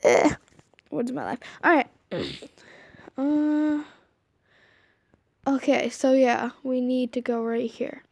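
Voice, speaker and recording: A woman's voice: sits high, sing-song, slow, gravelly, long pauses, a little mellow, no echo, low-quality recording. A young woman with a stuffy nose casually reading fan fiction aloud, giggling and breaking off into chatty asides. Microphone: headphones with mic.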